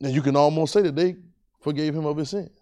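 A man's voice: a little high, steady tone, fast talker, dark tone. Dynamic call-and-response preacher man. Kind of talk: sermon.

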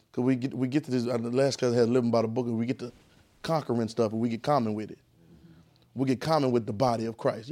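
A man teaching a Bible class in a call-and-response sermon style, emphatic and repetitive, often dropping to a low, quiet voice.

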